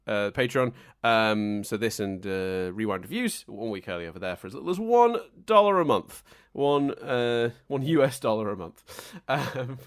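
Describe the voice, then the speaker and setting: A man hosting a podcast in casual, jokey, chatty talk. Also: lowish voice. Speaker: podcast host.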